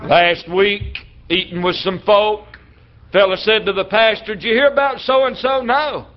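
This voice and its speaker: A man preaching a sermon in a folksy way, acting out little dialogues and sometimes breaking into shouts. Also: high voice, a little slow. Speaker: traveling preacher. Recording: slightly dull lo-fi church recording.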